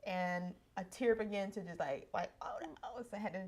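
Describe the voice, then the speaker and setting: A woman's voice: mid-range voice, normal speed, darkish tone. A woman in her thirties chatting casually with her husband as they look back on their wedding, talkative and affectionate, sometimes getting emotional. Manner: chatty, affectionate, emotional at times, frequent laughs. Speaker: co-host of a couple's channel. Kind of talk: casual reminiscing chat.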